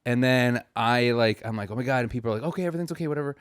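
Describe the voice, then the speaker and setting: A man co-hosting a comedy podcast tells stories in a loose, rambling way, stopping and restarting often. His pitch sits in the middle, and the sound is dry and close with no room echo. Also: racing, clear, resonant tone. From family from New Mexico. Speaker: podcast co-host. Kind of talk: casual comedic storytelling.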